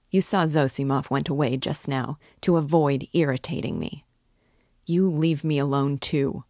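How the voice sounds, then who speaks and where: Woman reading a sick bitter young guy begging to be left alone, low dry voice. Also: a little mellow, dry recording. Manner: bitter, pleading, pushing the friend away. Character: feverish, bitter young man, weak and irritable.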